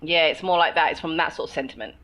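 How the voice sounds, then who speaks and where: A woman's voice: low-pitched, quick pace, a bit bright. A woman with a London accent co-hosting a podcast, chatting casually and laughing often. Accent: London English. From England. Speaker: podcast co-host. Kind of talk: casual chat.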